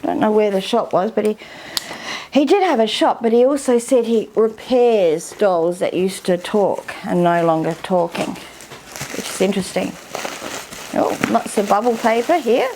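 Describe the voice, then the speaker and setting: A woman in her sixties talks casually while unboxing something, her voice sitting at an ordinary middle pitch. She rambles along at an easy, unhurried pace with plenty of fillers. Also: lively intonation, warm tone, a little hiss or hum. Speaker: vlogger.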